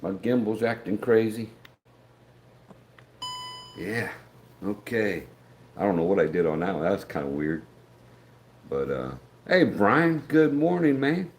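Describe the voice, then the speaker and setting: A man's voice: deep voice, measured pace, pauses often, a little hiss or hum. A middle-aged American man hosting a casual morning live stream, folksy and rambling, greeting viewers by name. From United States. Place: outdoors, filming on a gimbal. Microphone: handheld camera on a gimbal.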